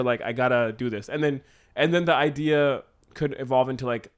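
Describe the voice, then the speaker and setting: A young man co-hosting a casual chat, pitching story ideas in a rambling, animated way and swearing freely. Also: brisk, clear, resonant tone. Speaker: podcast co-host.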